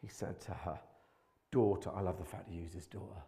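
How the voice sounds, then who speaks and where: A man preaches in a church, his low voice easygoing and full of slang. He pokes fun at himself and punches key words with sudden emphasis. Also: steady tone, moderate pace, warm tone. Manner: chatty, colloquial and self-mocking, with bursts of emphasis. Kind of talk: informal sermon.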